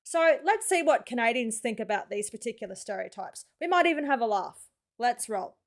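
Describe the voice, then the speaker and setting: High-voiced Australian woman hosting. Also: expressive, a little fast. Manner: chatty and informal, addressing viewers directly. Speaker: reaction video host. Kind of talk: casual reaction commentary.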